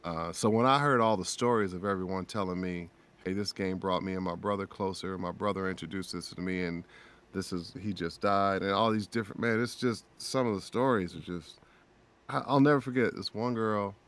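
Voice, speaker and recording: A man's voice: low-pitched, fairly quick, a bit bright. A man telling a heartfelt story on a casual podcast, acting out quoted dialogue with a raised voice and speaking openly about faith and prayer. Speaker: guest voice actor.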